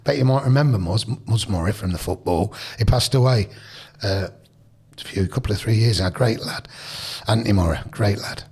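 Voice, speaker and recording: A gravelly, husky older man with a Leicester accent, telling stories as a podcast guest. He rambles through anecdotes full of restarts and quoted dialogue in an easygoing, casual chat. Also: on the low side, a little fast, a little mellow. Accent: Leicester English. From Leicester, England.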